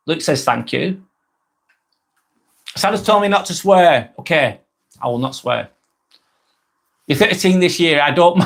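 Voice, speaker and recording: A man in his forties hosting a live stream, chatting casually and reading out viewer comments, friendly, rambling and quick to apologise. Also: a little high, a bit bright. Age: 40s. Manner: chatty and friendly, ranting a little, apologising often.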